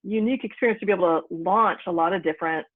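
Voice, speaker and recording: A woman's voice: lowish voice, very fast, no room sound, phone-quality sound. A woman with an American accent, an interview guest describing her background in an upbeat way. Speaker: guest, product launch specialist. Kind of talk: casual interview talk.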